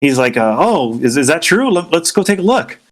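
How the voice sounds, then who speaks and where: Man telling an animated story. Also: on the high side, moderate pace. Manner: animated storyteller acting out quotes. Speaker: podcast co-host. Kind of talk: casual chat.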